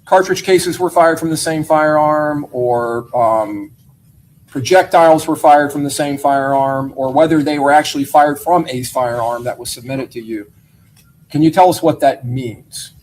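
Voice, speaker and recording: A man questioning a witness in a courtroom, asking measured, methodical questions with occasional hesitations. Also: fairly high pitch, a little mellow, a little hiss or hum, rough recording.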